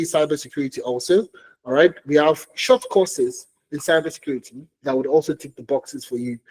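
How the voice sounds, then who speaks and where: A man's voice: a little high, darkish tone, poor audio. A man presenting a career webinar for tech job seekers, who talks emphatically, repeats key phrases and keeps checking in with "okay?" and "all right?".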